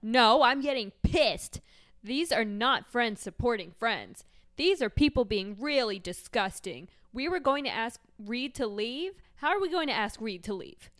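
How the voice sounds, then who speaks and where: A woman's voice: on the high side, expressive, a little slow, fairly bright tone, no room sound. A woman guest on a casual podcast who acts out dramatic reality TV confrontations. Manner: theatrical, indignant when acting out scenes. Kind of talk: casual chat with dramatic reenactment.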